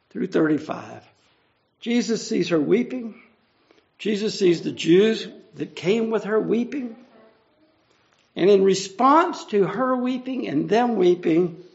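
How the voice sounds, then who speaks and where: High, gravelly male preacher, lo-fi. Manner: earnest, conversational, explaining each verse. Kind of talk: verse-by-verse Bible teaching. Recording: dull lo-fi recording.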